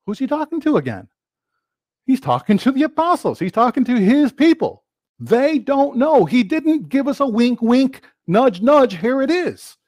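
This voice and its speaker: A man preaching a sermon, quoting scripture and acting out questions and answers in lively back-and-forth. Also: very high voice, normal speed, no echo, clean studio sound. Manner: animated, quotes scripture and acts out rhetorical dialogue.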